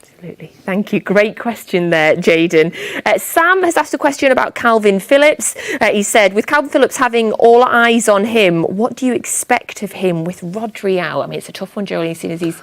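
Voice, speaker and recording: A woman presenting a live sports show, bright and teasing as she reads viewer questions. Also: mid-range voice, expressive, fairly quick, no echo.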